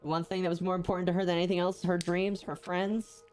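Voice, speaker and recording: A woman's voice: fairly low pitch, flat delivery, quick pace, a little mellow, soft background music. A woman streamer playing a story game, reading the characters' lines aloud and cutting in with joking asides. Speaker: gaming streamer.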